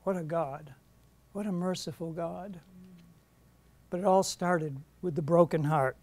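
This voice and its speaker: A man's voice: fairly high pitch, steady tone, measured pace, darkish tone, no room sound. A middle-aged man giving a Bible study lecture, earnest and emphatic when he reads out verses. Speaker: Bible teacher.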